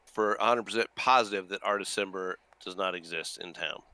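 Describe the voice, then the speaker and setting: A man's voice: low-pitched, brisk, sharp tone, no room sound. A man running a tabletop game as game master, patiently explaining rules and distances.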